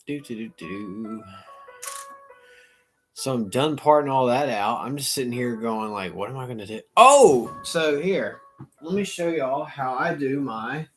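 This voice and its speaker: A man hosting a casual livestream chat, talking in an animated way and bursting into playful shouting impressions. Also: mid-range voice. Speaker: livestream host.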